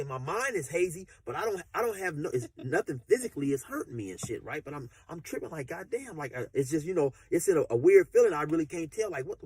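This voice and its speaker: Brief: husky man, rambling casual storyteller, lively ups and downs, dry sound. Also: a little high, no echo. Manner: rambling, repeats fillers like "you know, like I say".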